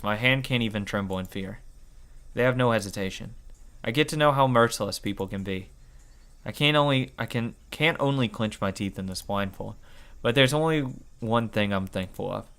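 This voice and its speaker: A man's voice: medium pitch, a bit bright, clear, resonant tone. A man reading a visual novel aloud as a let's play, swearing and commenting as he goes. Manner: swears and comments between lines.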